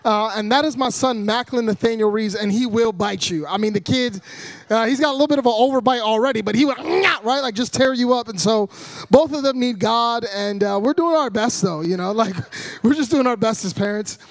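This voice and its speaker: A man in his thirties giving a humorous sermon as a guest preacher, loud and animated, joking with the congregation. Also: very high voice, fairly quick.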